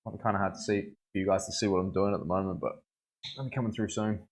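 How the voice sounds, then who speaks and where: A man's voice: deep voice, fairly even intonation, fast. A young man, a tattoo artist, chatting casually on a live stream while he works, laughing often and thanking viewers. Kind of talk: casual livestream chat while working.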